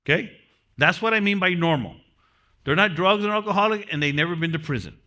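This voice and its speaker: A mentoring class teacher delivers a motivational seminar lecture, his high voice moving a little fast with a sharp edge. He repeats and stresses key phrases, drilling them emphatically for his class, and draws on his own experience of prison.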